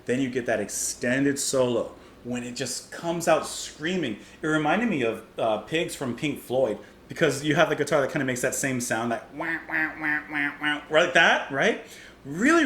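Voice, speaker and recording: Animated man reviewing music in echoey room. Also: mid-range voice. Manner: chatty, vivid food comparisons, musing aloud. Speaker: music reaction host. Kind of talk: casual music review monologue. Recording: roomy echo, faint background hiss.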